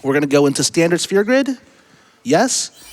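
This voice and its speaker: Upbeat male speedrunner with a light, higher voice over faint music, chatting to the audience. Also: big pitch swings, normal speed. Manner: upbeat, addresses viewers directly. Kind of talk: live speedrun commentary. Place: charity marathon event stage.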